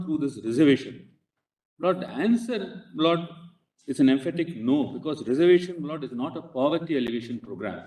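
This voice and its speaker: Indian advocate peppering "Lord" everywhere. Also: male voice, a little high, darkish tone. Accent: Indian English. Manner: inserts "Lord" into nearly every phrase, halting and insistent. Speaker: advocate arguing before a court bench. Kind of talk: courtroom legal argument. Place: courtroom. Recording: echoey courtroom audio picked up from a distance.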